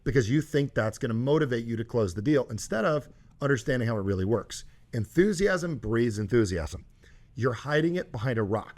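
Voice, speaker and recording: A man hosting a show and coaching a caller, talking emphatically with loud, high bursts. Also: expressive, a little fast. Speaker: host and coach.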